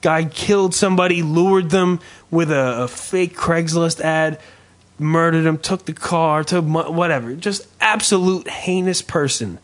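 A man hosting a podcast in casual chat, rambling and swearing freely while riffing with dark humor. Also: a little high, unhurried. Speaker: podcast host.

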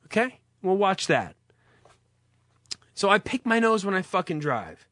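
A man's voice: high-pitched, big pitch swings, unhurried, pushed and bright, no echo, clean studio sound. A man hosting a call-in show, swearing a lot and rambling in a self-mocking way. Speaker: radio call-in show host. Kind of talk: crude comedic call-in monologue.

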